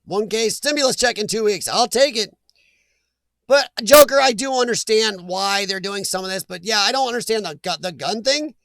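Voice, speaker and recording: A man's voice: sits high, moderate pace, vocal fry, a bit bright, no room sound. A man hosting a casual livestream chat, reading viewer comments and giving blunt opinions with easy laughs. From Midwestern US. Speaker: livestream host.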